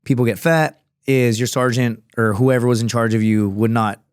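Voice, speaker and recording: Guesting on a podcast, this man, once a Marine and a fighter, spins a profane, rambling story packed with fillers. He speaks at normal speed in a smooth, steady, medium-pitched voice, recorded in the studio with no room sound.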